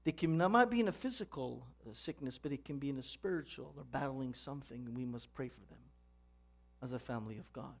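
A man preaching a sermon as pastor, earnest and animated, asking the congregation for amens. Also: mid-range voice, quick pace, vocal fry. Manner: earnest, asks the congregation "Amen?"; storytelling with animated voices.

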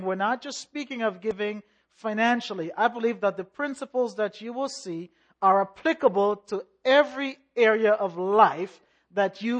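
A preacher delivering a sermon at a middle pitch. The delivery is measured and emphatic, with rhythmic repeated phrases and calls for the congregation to answer back. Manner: call-and-response, rhythmic repetition. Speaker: pastor.

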